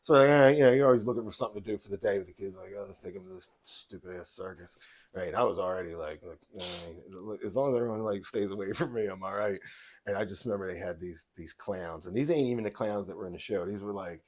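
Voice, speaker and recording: A man's voice: on the low side, fast. A man, co-hosting a podcast in casual chat and telling stories with lots of laughter. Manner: animated storytelling, laughs often. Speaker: podcast co-host.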